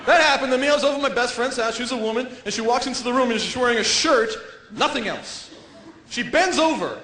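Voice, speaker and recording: A fast-talking male comedian delivers a stand-up set on stage before a live crowd, his voice high, bright and full of life. He drops into silly character voices, and the audio is echoey with faint noise behind it.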